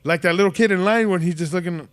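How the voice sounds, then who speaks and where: A man's voice: sits high, fast, no room sound. Profane, storytelling man on a podcast. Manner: loose, profane storytelling with acted-out quotes. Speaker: podcast host. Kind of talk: casual chat.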